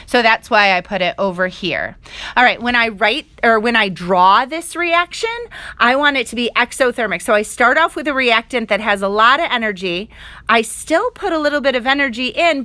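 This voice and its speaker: Bright, crisp-voiced woman teaching chemistry. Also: fairly high pitch, dry recording. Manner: upbeat, explains step by step, playful sound effects. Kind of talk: live online review lesson.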